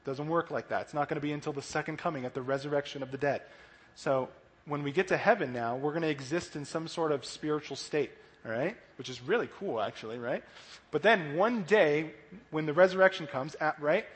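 Male kids' pastor, lively and animated, slightly high voice, big hall reverb. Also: fairly quick. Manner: animated, asks "right?" often, acts out voices. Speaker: children's church pastor.

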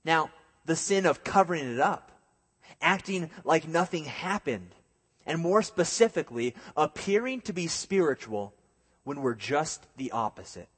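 A man's voice: fairly high pitch, very animated, a little slow, fairly bright tone, husky, big-room sound. A man preaching a sermon. He reads scripture aloud and then explains it, sometimes acting out the voices of people in the story.

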